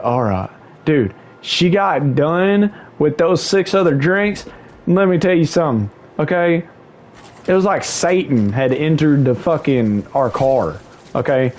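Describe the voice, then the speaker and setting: Animated young man telling a story. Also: unhurried, a little hiss or hum. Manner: animated, swearing, slangy, jumps up in pitch for quoted voices. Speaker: livestream host. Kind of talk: casual storytelling chat.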